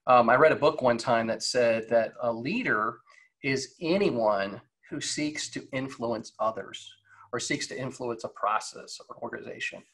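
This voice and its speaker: A man's voice: mid-range voice, unhurried, fairly bright tone. Chatty man on a video call. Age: 40s. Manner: conversational, rhetorical questions, frequent fillers. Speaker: guest speaker on leadership. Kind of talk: casual motivational talk with anecdotes.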